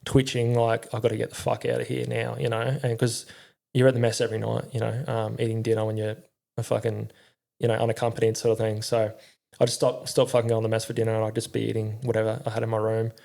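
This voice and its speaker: This podcast guest, a middle-aged Australian who once served as an army crew commander, has a gravelly, dark voice, fairly low and monotone, and he talks quickly. He rambles through his story candidly, swearing often and dropping slang.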